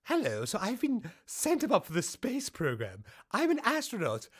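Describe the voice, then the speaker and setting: A man's voice: high-pitched, wildly swooping pitch, moderate pace, breathy edge, full character voice. A man playing a fussy, fretting astronaut in a comic sketch. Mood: fretful.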